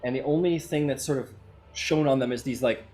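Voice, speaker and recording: A man's voice: medium pitch, brisk, a little mellow. A man narrating a tabletop game as game master, rambling with many fillers.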